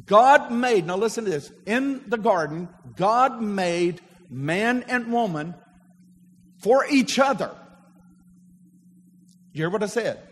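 High-voiced pastor preaching in a reverberant church. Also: male voice, lively intonation, takes it slowly, long pauses, fairly bright tone. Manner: preaching with call-and-response to a congregation. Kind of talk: sermon. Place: church sanctuary. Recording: long hall reverb of a church.

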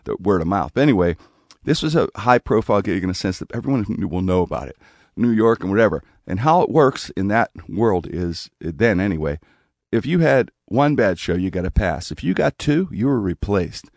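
Man, low gravelly voice, dry close sound, rambling casual storytelling. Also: a little fast, no room sound. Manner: rambling, animated anecdote with restarts. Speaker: comedian telling a story.

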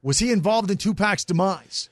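A man's voice: high voice, animated, normal speed, no echo, studio quality. A man co-hosting a sports radio show, joking playfully and acting confused in casual banter. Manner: playful, jokey, feigning confusion.

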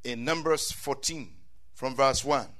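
A man's voice: mid-range voice, measured pace, a bit bright. A male preacher delivering an emphatic, repetitive sermon, often calling out amen.

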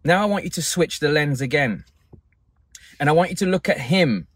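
A man's voice: on the high side, lively intonation, moderate pace, long pauses, husky, no room sound. A man giving a motivational talk, guiding listeners through an exercise with emphatic, repeated instructions. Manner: emphatic, directive, repeats phrases. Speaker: public speaking coach.

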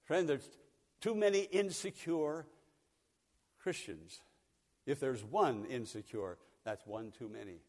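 A man's voice: medium pitch, lively intonation, takes it slowly, pauses often, darkish tone, in a large hall. An older man from Pennsylvania preaching a sermon, telling a folksy story and chuckling often. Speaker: pastor. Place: church sanctuary.

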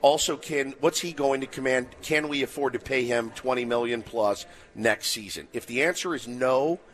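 A man co-hosting a sports talk show, telling stories in an animated way and laughing easily. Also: medium pitch, normal speed. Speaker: sports radio co-host.

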